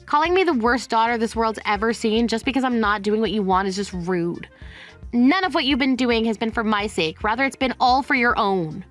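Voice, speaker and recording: A woman's voice: on the high side, a bit bright. A woman voicing a defiant young divorced woman who speaks coldly and firmly, in a dramatized story. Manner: cold, cutting, firm.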